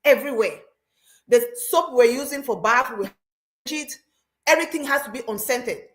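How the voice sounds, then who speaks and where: A woman with a fairly high voice talks as a show host. She tells her stories animatedly, often repeating phrases for emphasis. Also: moderate pace. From Cameroon. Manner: animated storytelling, repeats herself. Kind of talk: casual chat.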